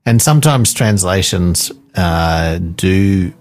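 A man's voice: low-pitched, expressive, slow. A man co-hosting a devotional chat, agreeing and adding brief thoughtful remarks.

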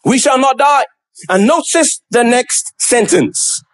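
A high-pitched man preaching a sermon. He voices the prophet's pleading questions with drama, then drops low and slow to stress key words. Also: animated.

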